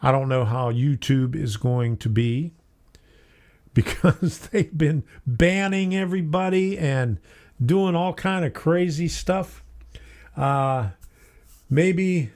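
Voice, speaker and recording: A man's voice: fairly high pitch, takes it slowly, darkish tone. Chatty man hosting a hobby live stream. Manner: chatty, laughs often, reads viewer comments aloud. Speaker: host of a model train live stream. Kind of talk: casual live-stream chat.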